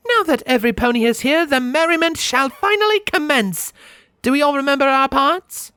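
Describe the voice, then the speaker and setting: A man's voice: extremely high pitch, animated, normal speed, bright, forceful tone, no room sound, clean studio sound, voice pushed up, heavily acted. A man reading a fanfiction audiobook, voicing a regal female pony princess of the night who speaks in a stately, archaic way. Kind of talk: audiobook character voice.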